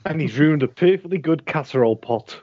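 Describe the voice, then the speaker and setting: A man's voice: a little high, expressive, brisk, darkish tone. A man, chatting and giggling through a film with a few stammered restarts. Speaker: podcast guest. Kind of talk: casual live-watch banter. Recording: dull lo-fi podcast audio.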